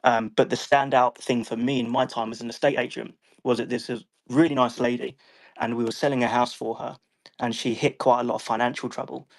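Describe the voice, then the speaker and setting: Man, British accent, casual story, flat delivery, gravelly, relaxed. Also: medium pitch, a little fast. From United Kingdom. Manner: relaxed, steady, with many "um"s. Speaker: guest sharing a story.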